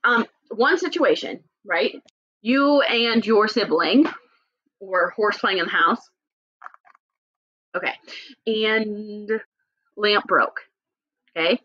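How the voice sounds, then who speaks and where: A woman teacher giving a lesson and reading a story aloud, animated and often checking in with her listeners. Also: mid-range voice, slow, long pauses, lo-fi sound. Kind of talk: classroom lesson and read-aloud.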